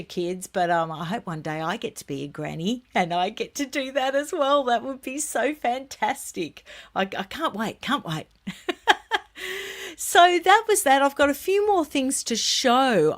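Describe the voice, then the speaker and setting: Gossipy middle-aged woman vlogger. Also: on the low side. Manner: gossipy, expressive, laughs often. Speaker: royal commentary vlogger. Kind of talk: casual chatty commentary.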